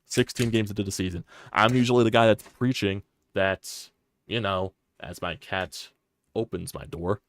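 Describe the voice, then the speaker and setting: A man's voice: lowish voice, steady tone, moderate pace. A young man ranting on a live sports stream, frustrated and profane, repeating himself as he talks.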